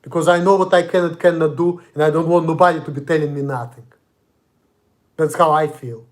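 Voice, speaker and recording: A man's voice: a little high, steady tone, brisk. Angry ranting man with a Russian accent. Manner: profane, ranting, confrontational. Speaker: vlogger. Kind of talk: angry monologue.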